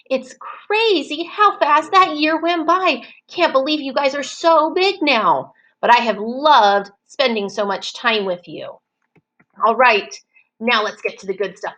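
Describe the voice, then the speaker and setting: A woman teaching preschool children in an online circle time, slow and encouraging, stretching words out so the children can clap the syllables. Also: high voice, pushed and bright, low-quality recording.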